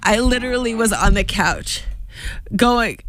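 A young woman hosting a college radio show, talking in a gushing, excitable way with frequent laughs. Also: a little high, a little slow, no room sound. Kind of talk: casual on-air chat. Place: radio studio. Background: jazz music playing behind.

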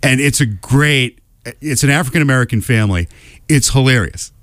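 A man hosting a casual podcast about films, thoughtful, often pausing and restarting his sentences. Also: medium pitch, a bit bright, dry recording, clean studio sound. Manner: thoughtful, with many fillers and restarts. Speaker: podcast host. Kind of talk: casual film chat.

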